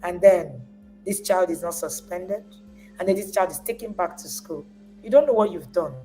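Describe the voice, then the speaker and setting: A woman's voice: lowish voice, normal speed, faint music behind, rough recording. Emphatic woman parenting coach. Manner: emphatic and animated, acts out parents; repeats words when stressing a point. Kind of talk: live parenting talk.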